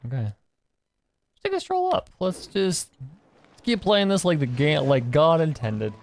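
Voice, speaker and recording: A man's voice: fairly high pitch, sing-song, measured pace, vocal fry, dry recording. A man hosting a casual let's-play, reading game dialogue aloud between comments and laughing often. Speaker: gaming channel host.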